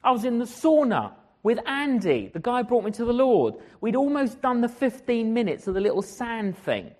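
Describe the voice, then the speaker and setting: A man preaching as an evangelist, telling stories in an animated way and acting out the conversations. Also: very high-pitched, moderate pace. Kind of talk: storytelling sermon.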